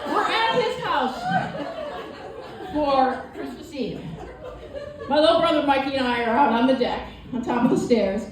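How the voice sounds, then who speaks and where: A woman doing a stand-up comedy set, telling stories with animated voiced asides. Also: high voice, unhurried, long pauses, noisy background. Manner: animated storytelling with voiced asides and crowd laughter. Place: comedy club stage. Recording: echoey live venue from far off, audience laughter. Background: audience laughing.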